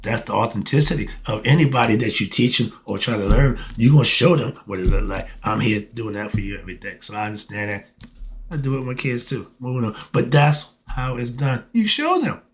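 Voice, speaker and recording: Speaking briskly in a mid-range voice, a man who styles himself a philosophy teacher delivers a casual, preachy spiritual talk to camera. He poses rhetorical questions and answers them himself, talking colloquially and frequently breaking off with "moving on."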